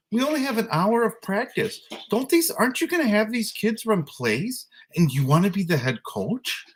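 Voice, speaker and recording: A man co-hosting a podcast, telling a casual story about coaching youth flag football in an exasperated, animated way. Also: sits high, normal speed, few pauses, husky. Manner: animated, exasperated ranting with mimicked voices.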